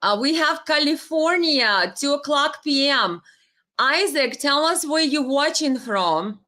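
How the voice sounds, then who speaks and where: Lady doing a live stream, high bright voice, slow chatty, greets folks by name. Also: lively intonation. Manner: chatty, greets viewers warmly by name, stumbles over names. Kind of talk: casual live stream chat reading viewer comments.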